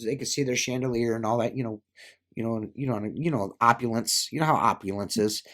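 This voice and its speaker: A man's voice: medium pitch, fairly quick, a bit bright. Man, middle-aged, window cleaner, casual storytelling, filler-heavy, plays out quoted dialogue, ordinary mid-range voice.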